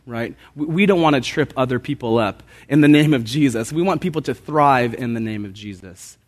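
Earnest preaching man, fairly high voice. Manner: earnest, emphatic preaching with repeated phrases. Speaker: pastor. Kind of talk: sermon.

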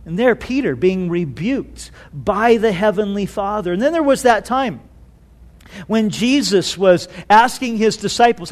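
A man preaching a sermon, telling stories with animated delivery and rhetorical questions. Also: high voice, unhurried. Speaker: pastor.

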